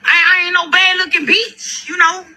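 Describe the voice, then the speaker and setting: A man putting on a high, mocking voice of a brash, crude woman, drawling and sassy. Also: little pitch movement, normal speed, bright, forceful tone, exaggerated voice.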